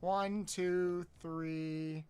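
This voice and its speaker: A man streaming a game, counting aloud, swearing often and yelping high when frustrated. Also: little pitch movement, extremely slow, a little mellow, clear, resonant tone. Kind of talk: casual live-stream chat while playing.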